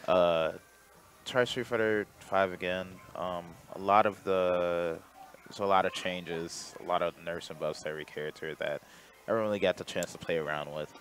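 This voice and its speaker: A man co-hosting a podcast in relaxed chat, laid-back and constantly saying "like". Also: low voice, normal speed. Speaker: podcast co-host.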